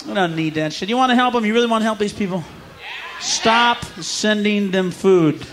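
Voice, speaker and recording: A man's voice: high-pitched, moderate pace. A man from the United States doing a profane, ranting stand-up comedy set on a live stage. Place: live stage before an audience. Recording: live crowd and noise behind.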